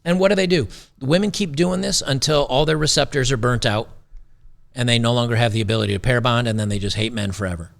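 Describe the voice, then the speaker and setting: A man hosts a talk show and picks apart a video clip in a blunt, sarcastic, rambling way. His mid-range voice carries a gravelly fry throughout. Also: medium pitch, fast talker. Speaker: show host. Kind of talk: commentary reacting to a video clip.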